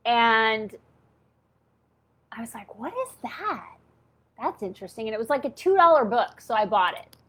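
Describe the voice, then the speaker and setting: Woman in her 50s, fairly high voice, casual storytelling, chatty, candid, sudden jumps in loudness. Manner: chatty, peppers talk with "like" and "okay?". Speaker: channel host. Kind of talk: personal storytelling.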